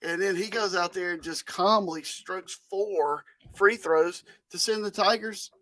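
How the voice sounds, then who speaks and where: A man co-hosting a casual sports podcast, animated and jokey, getting excited about the games. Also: high voice, measured pace. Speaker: podcast co-host.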